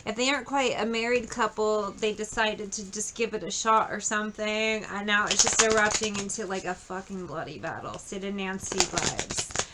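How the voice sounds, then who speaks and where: A woman's voice: medium pitch, normal speed, heavy background noise. A woman giving a casual tarot reading, chatty and blunt, swearing freely as she tells a story. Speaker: tarot reader.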